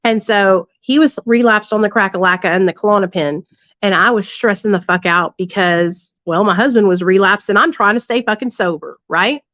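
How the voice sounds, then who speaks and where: A woman's voice: mid-range voice, normal speed, fairly bright tone, dry recording. Blunt, profane woman storyteller. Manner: blunt and profane, lots of tag questions. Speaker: livestream host. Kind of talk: candid storytelling to a live audience. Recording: dull lo-fi dry sound.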